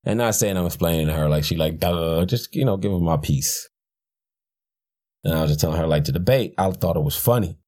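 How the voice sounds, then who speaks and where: Deep husky man ranting on a podcast. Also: a little fast, darkish tone. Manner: profane, blunt, rambling with restarts. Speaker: podcast host. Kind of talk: casual rambling commentary.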